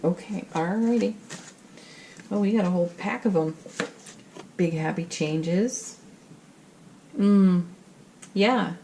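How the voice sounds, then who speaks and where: A middle-aged woman giving a spiritual tarot reading in a gentle, soothing, reassuring manner. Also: mid-range voice, measured pace, pauses often, a little hiss or hum, poor audio. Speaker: tarot reader.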